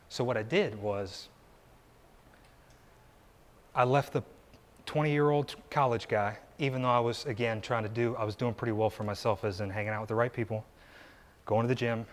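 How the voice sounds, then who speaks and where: A man's voice: medium pitch, moderate pace, long pauses. Earnest man telling his life story. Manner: earnest, conversational, asks the audience rhetorical questions. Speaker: motivational speaker. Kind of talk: personal story speech to a live audience. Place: indoor meetup event.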